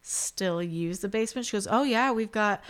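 A woman's voice: medium pitch, normal speed, clear, resonant tone. A woman co-hosting a podcast in casual chat, laughing often and acting out quoted dialogue. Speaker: podcast co-host.

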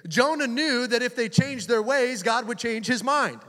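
A man's voice: extremely high pitch, normal speed, big-room sound. A male pastor preaching a sermon on a church stage, telling Bible stories with animation and urging the congregation in an earnest voice. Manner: animated storytelling that drops to soft, earnest exhortation.

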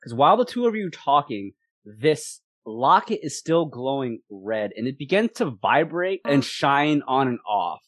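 A man running a tabletop game as game master, narrating scenes in an animated way and often repeating words. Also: mid-range voice, measured pace, dry recording.

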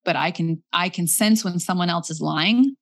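A young woman casually telling a personal story, animated and acting out the voices of the people in it. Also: lowish voice, moderate pace. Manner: animated, acts out quoted voices. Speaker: guest telling her story.

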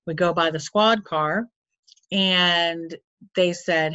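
A woman's voice: on the low side, steady tone, slow, bright, forceful tone, clear, resonant tone, no room sound. A woman from Florida who works with clients, telling a personal story in a candid, chatty way full of asides. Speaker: coach or counselor. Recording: dull lo-fi sound.

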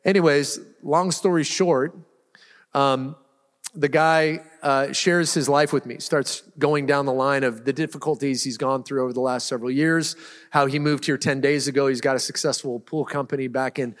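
A man's voice: medium pitch, fairly even intonation, moderate pace, big-room sound. A man pastor preaching a sermon in a casual, storytelling way, often restarting his sentences. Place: church sanctuary.

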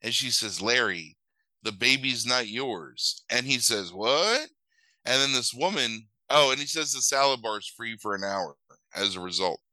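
A man's voice: medium pitch, fairly quick, pushed and bright, dry recording, rough recording. A man who is sick with a cold, recapping a film in casual, profane chat, rambling and correcting himself as he goes. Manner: rambling, crude, self-correcting retelling. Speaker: podcast co-host recapping a film.

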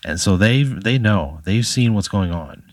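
Man, low voice, rambling improv storyteller, dry close mic. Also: expressive, a little slow, no echo. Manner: rambling, full of "like" fillers.

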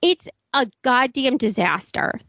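Female co-host, 30s, fairly high voice, blunt and profane, dry close sound. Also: lively intonation, measured pace, a bit bright, dry recording, rough recording. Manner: blunt, swears freely. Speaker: podcast co-host. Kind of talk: casual commentary chat.

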